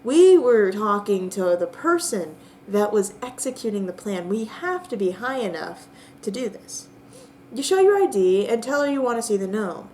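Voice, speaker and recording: A young woman narrating a text adventure game with bemused, drawn-out comic disbelief. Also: medium pitch, animated, darkish tone, a little hiss or hum. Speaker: player and narrator.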